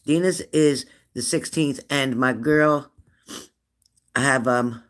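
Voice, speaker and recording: A man's voice: medium pitch, takes it slowly, a bit bright. A middle-aged man hosting a casual livestream, chatting with viewers, teasing them and repeating his questions. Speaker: livestream host. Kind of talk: casual livestream chat reading viewer comments.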